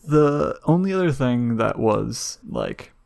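A man co-hosting a casual tech podcast, talking about security in a dry, deadpan, bored way. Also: medium pitch, takes it slowly, creaky, no echo. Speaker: podcast co-host, security guy.

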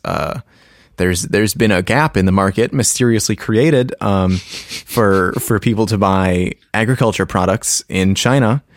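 A man's voice: on the low side, no room sound, clean studio sound. A man co-hosting a casual chat, rambling through explanations with many ums and restarts. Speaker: podcast co-host.

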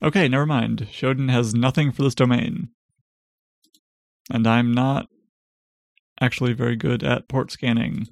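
A man co-hosting a casual chat, joking and sarcastic with quick quips. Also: medium pitch, fairly even intonation, vocal fry, dry recording, studio quality. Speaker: podcast co-host.

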